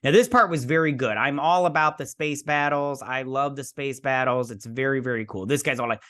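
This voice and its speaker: A man's voice: mid-range voice, a little fast, hardly any pauses, pushed and bright. A man hosting a casual episode recap and review, rambling through a loose play-by-play and adding his own sound effects. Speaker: host.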